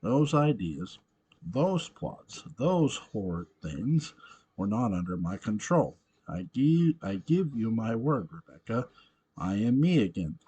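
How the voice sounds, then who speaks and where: A man voicing a remorseful man who was once possessed, pleading in a slow, halting way. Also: lowish voice, very animated, dark tone, slightly rough, heavily acted, low-quality recording.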